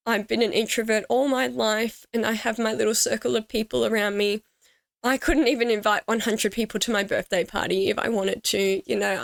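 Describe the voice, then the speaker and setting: Teary, grateful woman with a gravelly edge. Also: fairly high pitch, no echo, studio quality. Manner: emotional, teary, grateful, with soft laughs. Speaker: gaming channel host. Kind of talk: heartfelt casual talk to camera.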